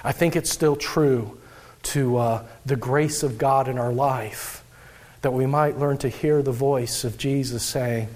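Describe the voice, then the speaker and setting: A man's voice: mid-range voice, steady tone, unhurried, a little mellow. A man preaching a sermon as pastor, talking conversationally and acting out the inner voices of worried listeners, with frequent restarts.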